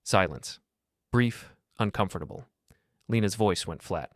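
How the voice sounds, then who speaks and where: Deep-voiced man narrating a story. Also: dry recording, clean studio sound. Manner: steady, grave, measured. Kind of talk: first-person story narration.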